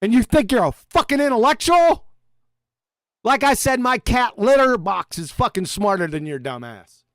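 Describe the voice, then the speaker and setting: A man ranting sarcastically at a critic, swearing heavily and swinging between loud jabs and low mutters. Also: very animated, normal speed, no echo, clean studio sound. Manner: sarcastic, insulting, heavy swearing. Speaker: YouTube debunker. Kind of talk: profane mocking rant reacting to a critic.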